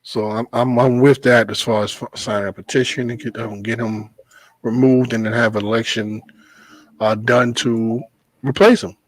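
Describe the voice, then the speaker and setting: A man hosting a casual talk show, a bus driver telling stories in an animated, profane way. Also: mid-range voice, moderate pace, no echo, rough recording. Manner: animated storytelling, swears freely, laughs. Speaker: podcast host, bus driver. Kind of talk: casual chat.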